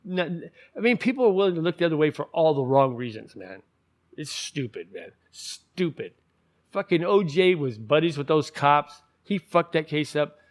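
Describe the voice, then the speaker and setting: A man's voice: fairly high pitch, big pitch swings, moderate pace. A man ranting in casual commentary, heated and profane, rambling with many restarts.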